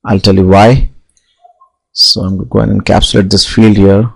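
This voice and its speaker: A man's voice: on the low side, fairly even intonation, moderate pace, gravelly, slightly rough, rough recording. A man teaching object-oriented programming, talking through code as he types it, with frequent "okay" and "you know" fillers. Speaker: programming instructor. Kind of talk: live coding tutorial.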